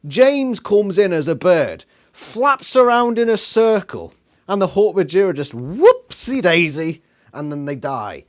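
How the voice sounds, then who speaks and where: A man's voice: sits high, sing-song, takes it slowly. Guy ranting about a book, sweary and sarcastic, voice swings all over the place. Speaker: book reviewer. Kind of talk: casual book review vlog.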